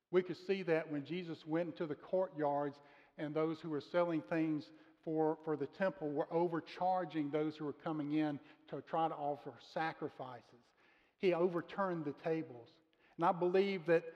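A man delivers a sermon from the pulpit of a church sanctuary, speaking in an earnest, measured way. His voice sits somewhat high for a man, and he slows down to press on important words. The recording is dull and a little muffled, with a long reverb trailing off the walls. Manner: earnest, measured preaching with slowed emphasis on key words. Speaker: pastor. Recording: muffled sound with long reverb of a large room.

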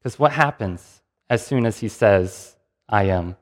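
A man's voice: lowish voice, expressive, unhurried, long reverb tail. A man preaching a sermon, reading scripture and retelling it in a conversational way with restarts.

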